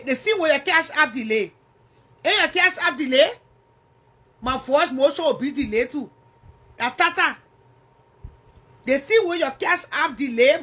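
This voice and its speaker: A woman's voice: sits high, fairly bright tone, slightly rough. A woman with a Liberian English accent hosting a casual livestream, chatting and teasing viewers as she answers their comments. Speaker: livestream host.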